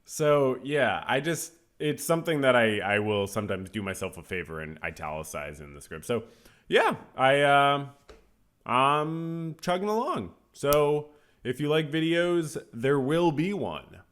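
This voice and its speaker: Rambling, lively male podcast host. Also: mid-range voice, a little slow. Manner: rambling, lively, self-correcting with many fillers. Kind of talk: casual solo podcast talk.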